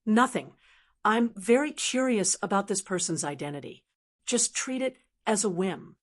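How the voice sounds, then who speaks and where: A woman reading an audiobook voices a calm, gentle young male cultivator who speaks softly. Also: medium pitch, moderate pace, natural voice. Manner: soft, gentle, composed. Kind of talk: audiobook character voice.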